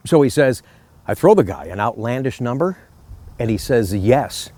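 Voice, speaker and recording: A middle-aged man hosts his own video channel from a park, speaking outdoors. He talks in a chatty, friendly way and tells stories easily. His voice sits at an ordinary pitch for a man. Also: big pitch swings, normal speed, noisy background. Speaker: car salesman and channel host. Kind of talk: casual outdoor vlog talk.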